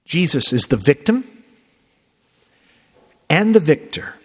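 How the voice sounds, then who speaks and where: Lively-voiced pastor preaching in a reverberant church. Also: male voice, on the high side, takes it slowly, breathy edge. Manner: conversational preaching with sudden emphatic rises and soft drops. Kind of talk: sermon. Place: church sanctuary.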